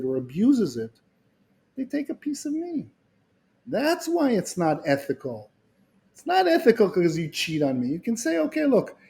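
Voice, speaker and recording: Man, middle-aged, animated storyteller, fairly high voice, warm mellow tone. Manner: animated storyteller, acts out quoted voices, repeats words when restarting. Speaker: guest speaker. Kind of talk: conversational explanation.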